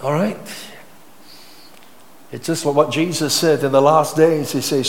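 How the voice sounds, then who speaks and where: A man preaching a sermon as a pastor, emphatic and repetitive, often building to high, intense passages. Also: normal speed, pauses often. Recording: long hall reverb.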